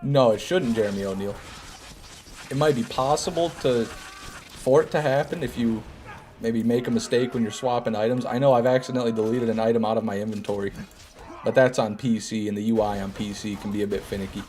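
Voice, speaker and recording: A man's voice: mid-range voice, fairly quick, a little mellow. A man streaming a game, chatting casually and joking while he answers viewers' chat. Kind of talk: casual gameplay commentary, reading chat.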